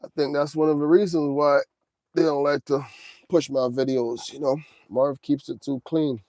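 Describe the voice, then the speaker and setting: A man's voice: a little high, little pitch movement, normal speed, a little mellow, no room sound. Laid-back forty-year-old man chatting to viewers. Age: 40s. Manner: laid-back, talks straight to chat, drawls "man" and "y'all". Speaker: trucking livestream host. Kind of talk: casual livestream chat.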